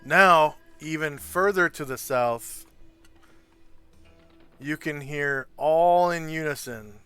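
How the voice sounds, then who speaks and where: A man narrating a tabletop game as game master, describing scenes in an unhurried, loosely improvised way. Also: a little high, bright, forceful tone, clear, resonant tone, dry recording, soft background music.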